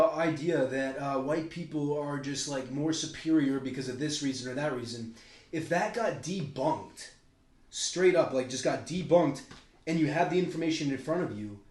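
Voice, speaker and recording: His voice sits on the high side with a darkish tone as he co-hosts a casual podcast. The talk is loose and rambling, peppered with swearing and sharp leaps between ideas. The recording sounds roomy and echoey.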